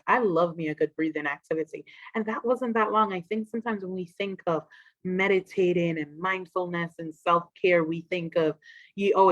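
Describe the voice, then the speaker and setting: A woman, a trauma expert, giving an animated, casual talk on a livestream and acting out quoted voices. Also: mid-range voice, no room sound, lo-fi sound.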